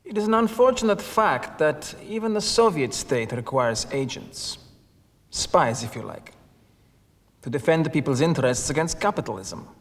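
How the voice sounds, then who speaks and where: An actor playing a formal, commanding Soviet intelligence officer who instructs in a deliberate way. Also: male voice, a little high, expressive, close to an everyday voice. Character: stern Soviet intelligence recruiter, commanding middle-aged man. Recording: reverberant room.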